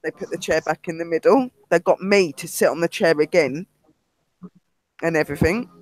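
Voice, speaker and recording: High-voiced British man telling ghost stories. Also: normal speed. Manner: animated storyteller, acts out quotes. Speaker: paranormal investigator. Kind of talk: casual chat, telling a ghost story.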